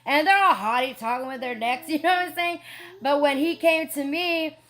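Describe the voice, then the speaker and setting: A woman's voice: sits high, normal speed, a bit bright. Rambling, giggly woman on a livestream. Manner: rambling, giggly, full of "you know". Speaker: online preacher and streamer. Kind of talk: casual livestream storytelling.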